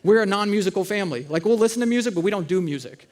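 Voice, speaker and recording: A man in his thirties, a pastor, preaches a chatty sermon in a church auditorium, telling humorous family stories and doing voices for the characters. His voice is high and darkish, with lively intonation and a very fast delivery.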